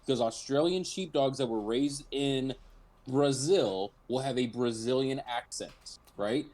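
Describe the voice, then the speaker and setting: A man's voice: medium pitch, unhurried, darkish tone. A man on a casual podcast, joining in with sarcastic, laughing banter. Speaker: podcast co-host. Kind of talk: casual chat.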